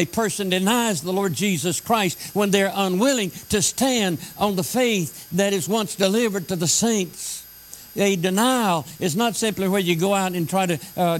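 A man preaching a sermon, slowing down to stress scripture lines. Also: sits high, low-quality recording. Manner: emphatic, slows down to stress scripture.

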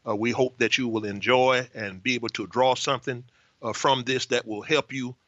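An older man, a pastor, speaking earnestly as a talk show guest with frequent pauses on uh. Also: medium pitch, fairly even intonation, fairly bright tone, no room sound. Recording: dull lo-fi sound.

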